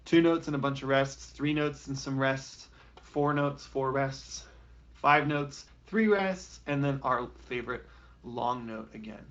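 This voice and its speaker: A man's voice: mid-range voice, a little slow, fairly bright tone, dull audio. A man teaching a live online beginner flute lesson, talking casually and encouragingly with plenty of fillers. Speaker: music teacher.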